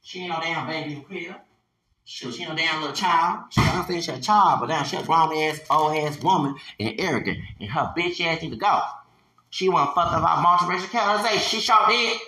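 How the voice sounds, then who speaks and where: A man in his forties delivering an angry, profane solo podcast rant. He stammers, restarts his sentences and breaks into loud, heated bursts. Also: on the high side, a little fast. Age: 40s. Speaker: podcast host.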